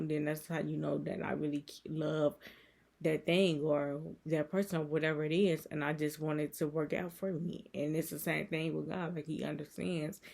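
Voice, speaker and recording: With a low, slightly mellow voice marked by vocal fry, this woman faith creator delivers a casual devotional talk. Earnest and emotional, she rambles and repeats herself, circling back to her points while encouraging viewers.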